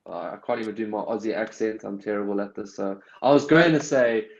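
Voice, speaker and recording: A man's voice: fairly low pitch, fairly quick, vocal fry. A South African man co-hosting a casual podcast, hesitant and full of fillers. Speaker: podcast co-host. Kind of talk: casual chat. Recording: slightly dull lo-fi sound.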